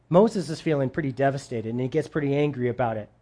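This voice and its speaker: A pastor preaches conversationally and fast, with hardly any pauses and a mellow tone. He talks straight to his audience and acts out quoted voices with big pitch jumps.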